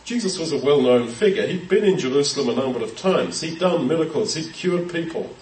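A man teaches from the Bible in a loose, conversational sermon, pausing on fillers and restarting his sentences. His voice sits at an ordinary pitch and is picked up from some way off in a reverberant hall, with a faint hum of room ambience underneath. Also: animated. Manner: conversational, thinking aloud with many fillers and restarts. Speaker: preacher. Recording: roomy sound from a distance.

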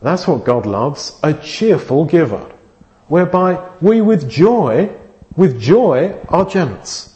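A man's voice: fairly high pitch, big pitch swings, takes it slowly, warm tone, muffled recording. A man preaching a sermon, earnest and thinking aloud, often restarting his phrases.

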